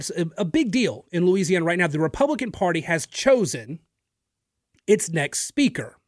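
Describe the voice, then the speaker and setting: Speaking a little high, a male talk radio host delivers an opinionated, emphatic political monologue straight to his listeners, now and then repeating a word or using a filler. The studio microphone produces a dry, studio-quality recording.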